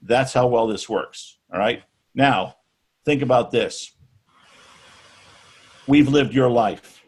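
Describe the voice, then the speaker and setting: A man's voice: medium pitch, slow pace, breathy edge. A middle-aged man presenting a sales webinar in a loose, chatty way, often restarting his sentences. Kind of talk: casual sales webinar talk.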